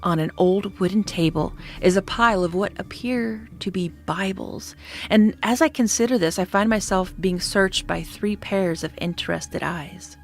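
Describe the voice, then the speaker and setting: A woman narrating a scripted horror story in a steady, descriptive manner, sometimes dropping to a hush. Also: mid-range voice, moderate pace. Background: faint background music.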